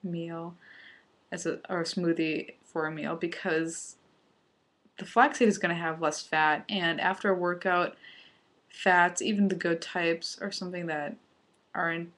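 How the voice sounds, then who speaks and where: A woman's voice: fairly low pitch, fairly even intonation, unhurried, a bit bright. A young woman chatting casually through a home recipe vlog, laughing often and sometimes talking with her mouth full. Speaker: vlogger.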